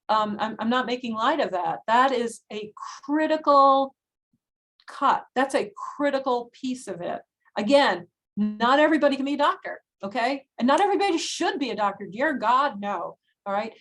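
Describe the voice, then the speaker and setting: A woman in her sixties, a physician talking casually with pre-med students in a frank, chatty way, with many fillers and lively storytelling. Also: a little high, poor audio. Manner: frank and emphatic advice. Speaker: physician and director of student health.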